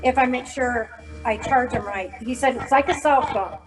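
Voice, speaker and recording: A woman in her fifties, a former corrections officer, telling personal stories in an animated, humorous way and acting out the voices of others. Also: a little high, normal speed, soft background music, rough recording. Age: 50s. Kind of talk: casual storytelling interview.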